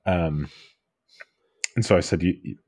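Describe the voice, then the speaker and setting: A man with a very deep, husky voice co-hosts a relaxed faith chat. He rambles through his stories, leaning on little fillers, and the sound is dry and close. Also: measured pace, no echo. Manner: rambling storyteller, many fillers. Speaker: podcast co-host. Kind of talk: casual faith discussion.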